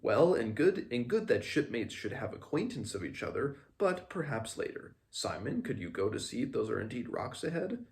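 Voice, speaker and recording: A man's voice: mid-range voice, big pitch swings, moderate pace. A man reading the lines of a formal, old-fashioned male companion who speaks in stilted, courteous phrases. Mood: polite.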